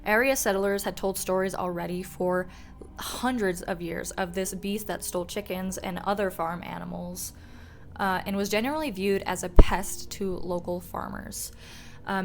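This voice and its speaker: A woman's voice: medium pitch, poor audio. Casual, swearing young woman vlogger. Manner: loose, profane and self-mocking. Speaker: folklore vlogger. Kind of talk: casual storytelling vlog.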